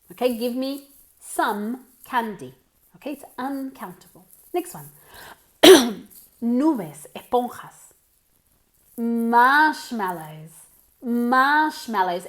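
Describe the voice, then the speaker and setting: An Australian woman teaching English to Spanish speakers in an online lesson, explaining vocabulary patiently, often checking in with "okay?" and switching into Spanish. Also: fairly high pitch.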